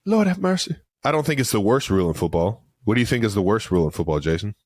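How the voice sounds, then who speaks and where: A man co-hosting a casual sports podcast as a football receiver, animated and joking, swearing freely. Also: lowish voice, rapid-fire, no room sound.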